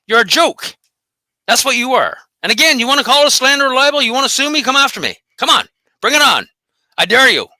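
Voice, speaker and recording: Host: man, high bright voice, rapid profane rant, dry close mic. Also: animated, no echo. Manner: profane, combative, taunting. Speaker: host of a dog behavior channel. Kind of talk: angry solo rant.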